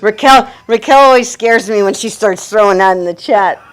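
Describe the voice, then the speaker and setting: A middle-aged woman, a professional dog groomer, chatting on a live stream and reading viewer comments in an excitable, gushing way with frequent laughter. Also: mid-range voice, normal speed, clear, resonant tone.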